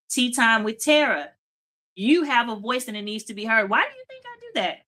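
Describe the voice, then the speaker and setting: A woman's voice: on the high side, bright, forceful tone. A woman hosting a faith-based motivational talk show, speaking emphatically and repeating phrases for emphasis. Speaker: host.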